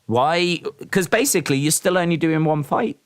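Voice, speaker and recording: A man's voice: fairly high pitch, animated, moderate pace, smooth. Chatty man streaming live. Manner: rambling and opinionated, with frequent fillers and restarts. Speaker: live-stream host reacting to wrestling and boxing. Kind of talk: casual live-stream commentary.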